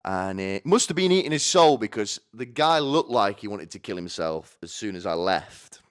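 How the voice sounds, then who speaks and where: A man's voice: on the low side, big pitch swings, normal speed, smooth. A man ranting alone on a live stream, provocative and full of asides. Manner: rambling and provocative, swearing, asking "right?". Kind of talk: solo stand-up style rant.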